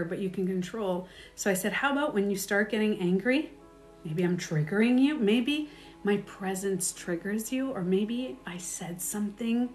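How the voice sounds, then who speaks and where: A woman life coach giving candid, animated advice in casual talk, with her own stories and laughter. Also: mid-range voice.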